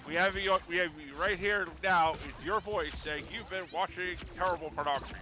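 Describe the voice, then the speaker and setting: A man's voice: high voice, brisk. A man co-hosting a casual stream, ranting with heavy swearing and jokes. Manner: ranting, profane, joking. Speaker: podcast co-host.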